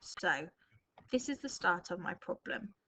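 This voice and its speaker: A woman, a primary school teacher recording a writing lesson for her class at home. She thinks aloud as she drafts and reads example sentences slowly and expressively. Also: on the low side, animated, creaky, bright, forceful tone, low-quality recording.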